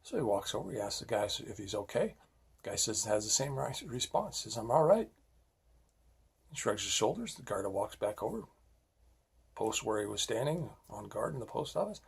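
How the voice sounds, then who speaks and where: A man's voice: fairly low pitch, big pitch swings, brisk, vocal fry, breathy edge. A middle-aged man, a former police officer, giving a blunt safety talk full of personal stories and often checking in with "all right?". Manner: emphatic, repeatedly asks "all right?"; blunt and scolding when making a point.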